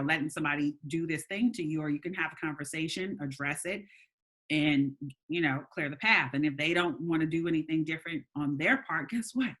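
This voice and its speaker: A woman hosting a casual live stream, talking in a chatty way with lots of "um"s and giving shout-outs, with a slightly nasal voice. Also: low-pitched. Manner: chatty, warm shout-outs with frequent laughs and "um"s. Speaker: host. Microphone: webcam or phone mic for a live stream.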